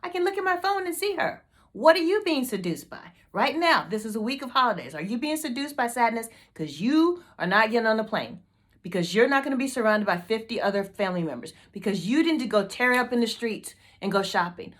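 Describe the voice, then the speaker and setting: A woman's voice: fairly high pitch, animated, a little fast. A woman hosting a motivational team meeting video, fired up and emphatic, repeating her questions to the group.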